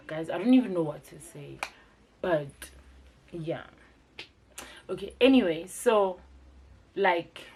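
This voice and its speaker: A woman's voice: medium pitch, breathy edge. A South African woman hosting a casual, chatty TV recap vlog, mixing local words into her commentary. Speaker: TV review vlogger.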